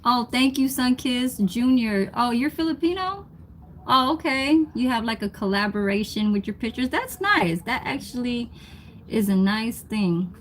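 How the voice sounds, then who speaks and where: A woman's voice: on the high side, animated, unhurried, a little hiss or hum. A young woman, chatting casually on a livestream while she cooks, reading comments and laughing often. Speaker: livestream host. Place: home kitchen.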